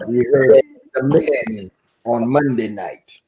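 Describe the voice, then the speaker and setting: A man's voice: medium pitch, fairly even intonation, measured pace, dark tone, a little hiss or hum, rough recording. A man hosting a live relationship talk show in a casual, welcoming way. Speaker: host.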